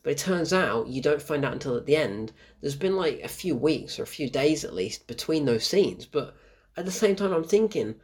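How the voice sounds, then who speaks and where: A man's voice: a little high, animated, moderate pace, breathy edge. A young man giving a chatty film review, bemused and exasperated, often laughing at what he describes. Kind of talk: casual spoken film review.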